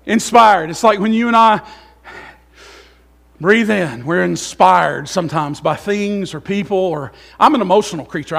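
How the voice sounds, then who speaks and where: A middle-aged pastor preaches in a church with a strikingly high, gravelly voice. He is openly emotional and swings from fervent, loud stretches to soft, musing asides. It is a live sermon to his congregation. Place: church sanctuary.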